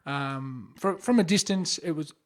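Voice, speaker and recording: A man co-hosting a podcast, telling an animated story in casual chat and acting out the voices of the people in it. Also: fairly high pitch, measured pace. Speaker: podcast co-host.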